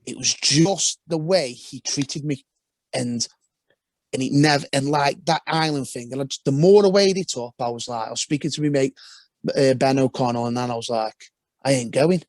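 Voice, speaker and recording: A man's voice: mid-range voice, moderate pace, no echo. A young man, a former footballer, talking casually as a podcast guest in a rambling storytelling way with frequent restarts.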